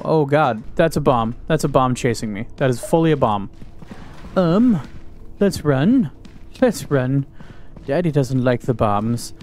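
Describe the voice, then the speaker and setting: A man's voice: mid-range voice, a little mellow. A young man giving casual gaming commentary, joking crudely, talking to himself and yelping when startled. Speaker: gaming YouTuber.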